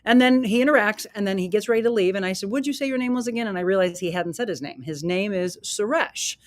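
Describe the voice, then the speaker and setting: A woman's voice: mid-range voice, lively intonation, fast talker. A woman hosting her own podcast, telling a story in a chatty, casual way with asides to her listeners. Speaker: podcast host.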